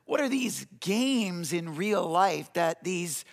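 A man's voice: high-pitched, expressive, takes it slowly, vocal fry, big-room sound. A man preaching a sermon as pastor, in a conversational way with frequent fillers and restarts.

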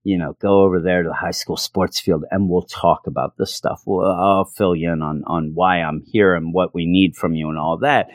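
A man doing a hushed, secretive stranger. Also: deep voice, steady tone, moderate pace, few pauses, no room sound, clean studio sound, pitched below the performer's own voice, natural voice. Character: secretive middle-aged man setting up a midnight meeting.

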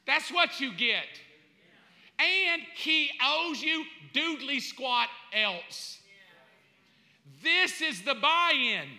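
A man preaching a sermon in an animated way, acting out little scenes and laughing as he goes. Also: high voice. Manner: animated, acts out voices, laughs. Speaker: pastor. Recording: long hall reverb.

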